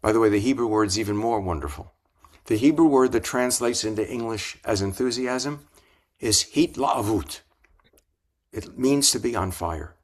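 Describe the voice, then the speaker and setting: An older man, a rabbi and author, telling reflective stories with gentle humor in an interview. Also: on the low side, moderate pace. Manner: reflective, warm anecdotes with gentle humor and restarts. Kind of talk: storytelling in an interview.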